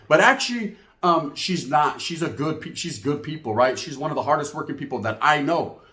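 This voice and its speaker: Man, street storytelling monologue, slangy and profane, higher-pitched, echoey room. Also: brisk, hardly any pauses. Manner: slang-heavy, profane, animated. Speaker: storyteller host.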